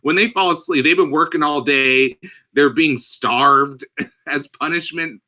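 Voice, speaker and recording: A man co-hosting a casual movie discussion podcast, lively and playful, acting out lines from the film. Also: on the high side, unhurried. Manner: animated, acts out lines from the film in put-on voices. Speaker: podcast co-host.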